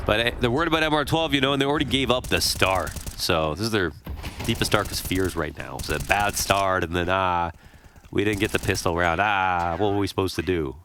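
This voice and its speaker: A man with a slightly sick voice giving chatty color commentary on an esports match, with loud exclamations. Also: sits low, fairly quick, slight background noise.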